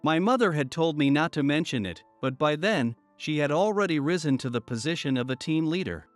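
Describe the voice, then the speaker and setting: A man reading a first-person story in an even, measured storytelling voice. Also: fairly high pitch, soft background music. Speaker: narrator.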